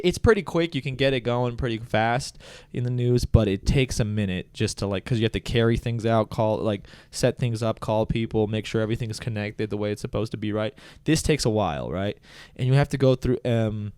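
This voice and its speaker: A man talks on a comedy podcast, rolling through a long, profane story from his job. His voice sits on the low side and comes across smooth and clean. The sound is dry and close, with no room around it. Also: no room sound. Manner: animated storyteller, swears freely, laughs loudly at his own story. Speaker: podcast co-host telling a work story. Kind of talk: casual comedy podcast chat.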